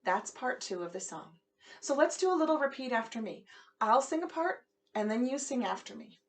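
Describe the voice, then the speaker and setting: A woman music teacher patiently explaining a song to children in a simple, gentle way. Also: high voice, animated, normal speed.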